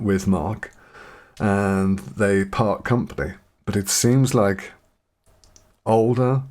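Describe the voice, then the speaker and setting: A man hosting a podcast, reading Bible verses slowly and then reflecting on them in his own words. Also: on the low side, a little mellow. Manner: reads scripture aloud slowly, then muses and paraphrases. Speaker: podcast host and Bible teacher.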